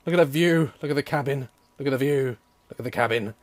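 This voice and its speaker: A young man giving jokey gameplay commentary; excitable, with frequent swearing. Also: mid-range voice, fast. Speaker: gaming YouTuber.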